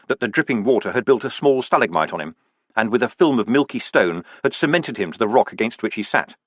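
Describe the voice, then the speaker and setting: A male audiobook narrator with a mid-pitched voice and a lively, animated delivery. He reads dramatic fantasy prose with deliberate pauses, and the recording sounds close and dry. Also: no room sound. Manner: vivid, expressive reading with deliberate pauses.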